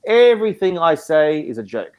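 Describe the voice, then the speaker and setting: A man's voice: a little high, very animated, moderate pace, a little mellow, clean tone. An emotional, passionate man argues on a live stream. He stumbles over his words and repeats phrases as he pushes his point. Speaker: watch community member. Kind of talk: heated live-stream argument.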